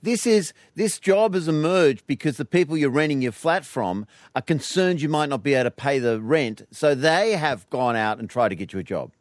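A man's voice: on the high side, expressive, moderate pace, few pauses, dry recording, clean studio sound. A man hosting a casual comic chat, asking playful, teasing questions. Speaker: host.

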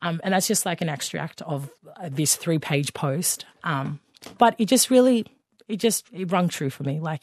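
A woman's voice: low voice, a little mellow, no echo, studio quality. A woman, co-hosting a casual radio sports chat, talking with many fillers and restarts. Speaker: co-host.

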